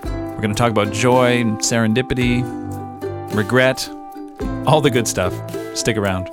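A middle-aged man with a Canadian accent, hosting a casual podcast interview in a relaxed, chatty way. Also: mid-range voice, moderate pace, loud music behind the voice. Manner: relaxed, chatty, with frequent ums and laughs. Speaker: podcast host.

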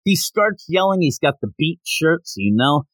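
Animated man recapping a manga. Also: on the high side, no room sound. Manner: animated, quick recaps with laughs and quoted lines. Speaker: podcast co-host. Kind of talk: casual chat reviewing manga.

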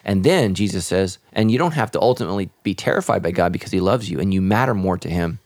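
A man's voice: deep voice, animated, quick pace, a little mellow, no room sound, studio quality. A man, a pastor, speaking earnestly and reflectively in a podcast conversation about faith.

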